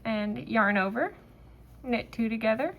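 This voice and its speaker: Woman knitting instructor, slightly high voice, unhurried, faint background hiss. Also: dull audio. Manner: relaxed, talks while knitting, fillers and pauses. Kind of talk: step-by-step craft tutorial.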